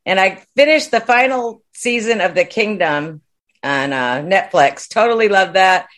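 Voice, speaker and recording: A woman's voice: mid-range voice, lively intonation, measured pace, a bit bright. A woman co-hosting a podcast, telling what she has been up to in an easygoing, chatty way. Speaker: podcast co-host. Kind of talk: casual chat.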